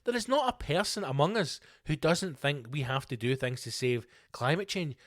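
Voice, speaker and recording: A man's voice: fairly high pitch, animated, moderate pace, fairly bright tone, no echo, clean studio sound. A man with a Scottish accent, hosting a solo podcast, ranting with lots of swearing and comic put-on voices. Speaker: podcast host.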